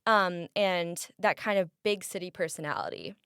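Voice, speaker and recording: A woman's voice: lowish voice, moderate pace, very noisy. A young woman from the American Midwest, chatting casually as an interview guest, with lots of fillers and laughter.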